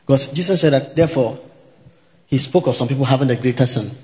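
A man preaching a sermon in a church hall, repeating each point slowly and checking that the congregation is following. His voice carries a long reverb through the room, and the recording sounds dull and muffled. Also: mid-range voice, darkish tone. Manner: teaching by repetition, asking the congregation if they follow; interjects hallelujah.

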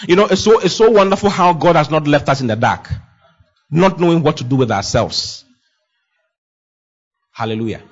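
A man preaching with a high, lively voice that swings from loud proclamations to hushed asides. His tone is husky, and he repeats his declarations for emphasis. The recording sounds dull and lo-fi. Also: normal speed, long pauses. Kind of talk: sermon.

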